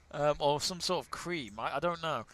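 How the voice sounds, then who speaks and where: A man's voice: a little high, a bit bright, a little hiss or hum. A British man co-hosting a casual sports watch-along stream, chatty, laughing easily and reading viewer comments aloud. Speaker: live stream co-host.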